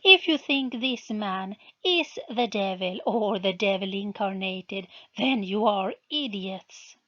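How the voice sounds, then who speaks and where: Woman reading as a bossy angry young witch, scornful, slow and deliberate, muffled mic. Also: mid-range voice, animated, a bit bright. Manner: scornful, commanding. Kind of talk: storybook reading.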